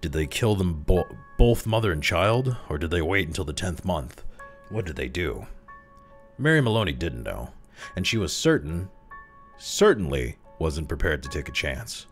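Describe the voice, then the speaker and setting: A man with a remarkably deep voice narrates a dark short story. His delivery is dramatic and expressive, and his pitch rises and falls widely while he slows down on the tense moments. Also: soft background music. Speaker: story reader.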